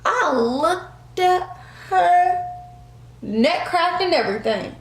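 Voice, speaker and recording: Animated young woman telling a storytime. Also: extremely high pitch, slow pace, pauses often, slight background noise. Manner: animated, addresses viewers as y'all. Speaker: vlogger. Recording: echoey room.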